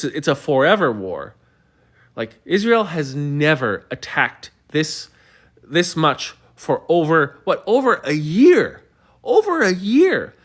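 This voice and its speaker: Man, livestream host, heated and argumentative, fairly high voice, stumbling restarts. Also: a bit bright. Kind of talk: casual livestream chat answering comments.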